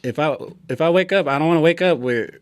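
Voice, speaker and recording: A young man, a guest in an interview, telling a personal story in a relaxed way and acting out quoted lines. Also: on the high side, quick pace, clear, resonant tone, no echo. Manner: relaxed, acts out quoted dialogue.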